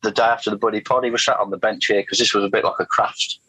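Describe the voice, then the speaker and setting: Interview guest: middle-aged man, bright and forceful tone, anecdotal and rambling, dry sound. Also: on the low side, fairly even intonation, very fast, slightly rough, no room sound, rough recording. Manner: rambling, anecdotal, frequent restarts and fillers. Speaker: guest, motorcycle test rider. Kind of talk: casual storytelling interview.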